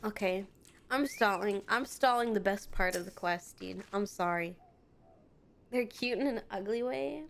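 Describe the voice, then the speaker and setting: A woman's voice: mid-range voice, a little slow, vocal fry, fairly bright tone. A young adult woman streaming a game with casual, playful commentary, chatty and swearing freely.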